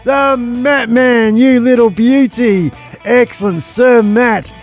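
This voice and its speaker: Loud exuberant Aussie host, high voice. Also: male voice, slow pace. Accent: Australian. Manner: exuberant, shouting greetings and thanks. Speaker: live stream host. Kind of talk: excited live stream chat. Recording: music playing behind.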